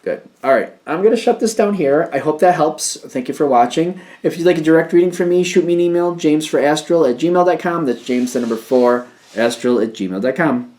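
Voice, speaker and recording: A man's voice: fairly high pitch, a little fast, few pauses, darkish tone. A man giving a casual tarot reading, rambling through hunches and talk of energies. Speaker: tarot reader.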